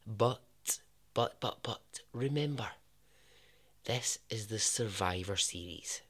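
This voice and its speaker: Slow-talking Scottish man telling a story. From Scotland. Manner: chatty, with jokey asides and lowered voice for emphasis. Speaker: podcast host. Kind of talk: casual true-story narration.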